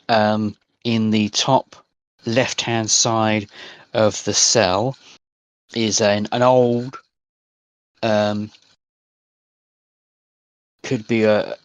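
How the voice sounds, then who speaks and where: Slow man as game master, low voice, halting, dry close mic. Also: no echo. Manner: halting, full of fillers, descriptive. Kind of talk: narrating a tabletop game over voice chat.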